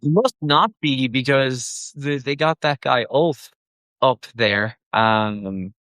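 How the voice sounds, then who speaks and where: A man hosting a casual show discussion, rambling with many fillers and quick mock quotes. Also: medium pitch, fairly bright tone, clean tone, dry recording. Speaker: podcast host.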